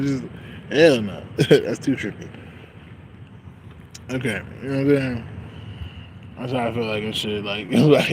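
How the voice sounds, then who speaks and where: A man's voice: fairly high pitch, slight background noise, rough recording. A young man talking in a casual, rambling monologue, slangy and profane, laughing often. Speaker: vlogger.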